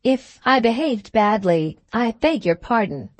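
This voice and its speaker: Sincere, innocent young lady, read by a woman narrator; gentle, a little raised. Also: on the high side, expressive, a little slow, no echo, voice pushed up.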